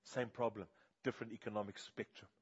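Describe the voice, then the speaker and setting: A man's voice: fairly low pitch, little pitch movement, fairly quick, husky, dull audio. A man with a South African accent preaching a sermon emphatically and having the congregation repeat words back to him. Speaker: pastor.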